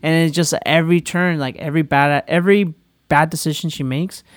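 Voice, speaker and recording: A man in casual podcast chat, searching for words and restarting often. His voice is fairly high for a man and the recording is dry and close. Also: steady tone, a little fast, no room sound. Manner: hesitant, full of "like" and restarts. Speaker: podcast co-host.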